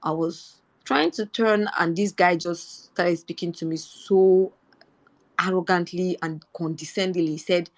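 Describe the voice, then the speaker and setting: A young Nigerian woman with a Nigerian accent earnestly tells a personal story as a speaker in a Twitter Space, her indignation rising whenever she quotes herself. Her voice is fairly low with a steady tone, and she keeps a measured pace.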